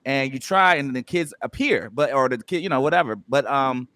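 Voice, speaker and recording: A man's voice: mid-range voice, animated, normal speed, sharp tone, dry recording, studio quality. A man hosting a casual podcast chat, playful and loose, with plenty of fillers as he leads the talk. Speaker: podcast host.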